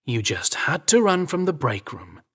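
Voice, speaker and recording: A man's voice: a little high, very animated, normal speed, a bit bright, husky, pitched above the performer's own voice, full character voice. A man voicing an exasperated young male royal guard in a romance audiobook. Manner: muttering, exasperated. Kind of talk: audiobook character voice.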